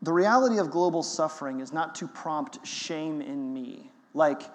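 A high-pitched male pastor delivering a sermon in an emphatic, conversational way. His voice carries a long reverb from a large church hall. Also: moderate pace, hardly any pauses.

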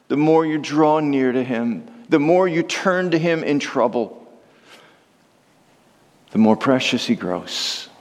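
A man, a pastor, preaching a sermon and reading long quotations aloud. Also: long reverb tail. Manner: reads long quotations aloud, rising high for voiced prayers.

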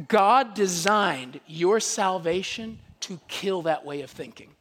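Pastor, lively sermon delivery that swoops high and low, emphatic and conversational. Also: big-room sound. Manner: animated, conversational preaching with wide swings in pitch and loudness; emphatic, with rhetorical questions and quick asides.

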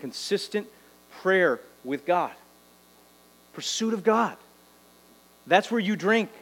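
A man's voice: high voice, animated, takes it slowly, a bit bright, poor audio. A man preaching a sermon, exhorting the congregation and tagging lines with "right?". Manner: exhorting, rhetorical "right?" tags. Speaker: pastor.

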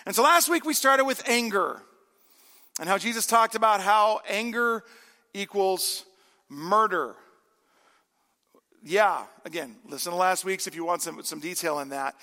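A man's voice: sits high, a little slow, long pauses, pushed and bright, long reverb tail. A man in his forties, a pastor preaching a sermon in a church in a conversational way, with self-deprecating humor. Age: 40s. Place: church sanctuary.

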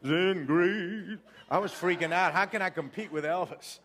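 A man in his sixties preaching a storytelling sermon, animated and acting out the dialogue while joking with the congregation. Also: sits high, brisk.

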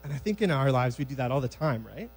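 A male preacher talks through scripture in a casual, conversational way, with a middle-pitched voice. He acts out the scenes with lively energy. A faint music bed and electrical hum sit under the recording. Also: quick pace, husky, low-quality recording. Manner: conversational, animated acting-out of scripture. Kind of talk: sermon. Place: church sanctuary.

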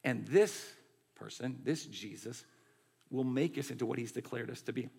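A man delivers a sermon in a loose, chatty preaching style. His voice carries a gravelly edge at a mid pitch. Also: normal speed. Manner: conversational, animated preaching with many "like" and "right". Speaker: pastor.

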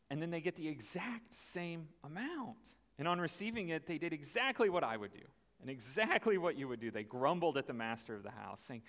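A man gives an animated, conversational sermon. His voice is fairly high and swings widely in pitch. A long hall reverb follows each phrase. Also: brisk. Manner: animated, conversational, acts out the story. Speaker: preacher.

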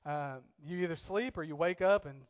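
Young male preacher, slightly high-pitched, animated storyteller who shifts between loud bursts and hushed reflection. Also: normal speed, no room sound. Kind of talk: sermon with personal story.

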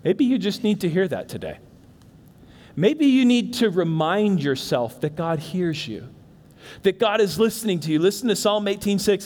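A man preaching a sermon as pastor, moving from hushed emphasis to loud bursts and talking directly to the congregation in asides. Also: high-pitched, big pitch swings, normal speed. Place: church sanctuary. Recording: long reverb of a large church hall.

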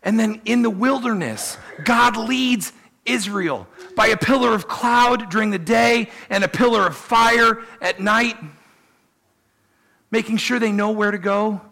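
Male pastor, sermon, animated storyteller, higher voice, bright tone. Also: measured pace. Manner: animated storytelling, voicing quoted people.

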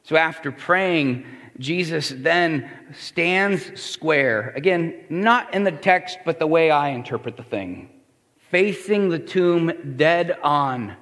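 A man preaching a sermon, his voice sitting a little higher than most men's. He swings between hushed asides and loud, shouted climaxes. A long reverb trails behind every phrase, as in a big hall. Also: expressive, slow pace. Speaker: pastor.

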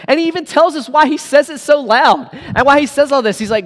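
A man preaches to his church, retelling scripture with lively paraphrased quotes. His voice sits high for a man. The hall rings with a long reverb behind him. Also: a little fast, few pauses. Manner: animated, acts out quotes in paraphrase. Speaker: pastor. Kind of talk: sermon.

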